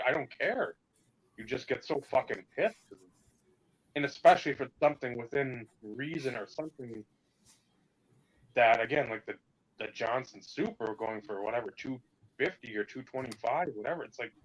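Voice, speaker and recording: A man talking heatedly on a podcast, his swearing rants full of mocking put-on voices. His pitch sits in an ordinary middle range. The sound is a bit dull and lo-fi. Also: expressive, moderate pace, husky. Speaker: podcast co-host. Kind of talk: casual chat.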